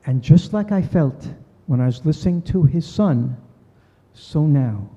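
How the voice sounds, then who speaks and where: Speaking on the high side with lively intonation, a measured pace and a dark tone, an older man tells a story in earnest at a talk, acting out the people he quotes. The dull recording comes from a reverberant synagogue hall.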